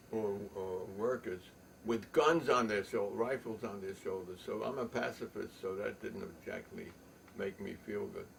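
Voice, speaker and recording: An older man telling a long rambling story, halting with many ums and restarts. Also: lowish voice, gravelly. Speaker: poet and storyteller. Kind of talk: rambling spoken reminiscence. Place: home loft. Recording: distant mic, faint room noise.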